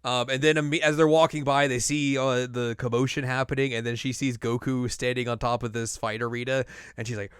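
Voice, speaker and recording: Guy rambling through an episode recap, smooth clear voice, dry close sound. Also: medium pitch, flat delivery, a little fast, hardly any pauses, no echo. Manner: rambling recap with many fillers. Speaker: podcast co-host recapping an anime episode. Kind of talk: casual chat.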